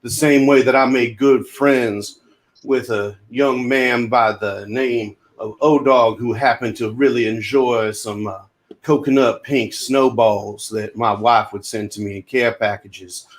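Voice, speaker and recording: A man's voice: mid-range voice, steady tone, measured pace, natural voice. A man playing an earnest, courtly Southern ex-con action hero who speaks formally about respect and his wife.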